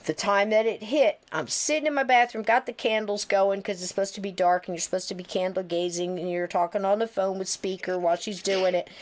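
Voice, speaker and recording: A woman around sixty hosting a podcast, telling stories in casual chat and acting out other people's words as she goes. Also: medium pitch. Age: about 60. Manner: animated, tells stories with quoted voices and asides. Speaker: podcast host.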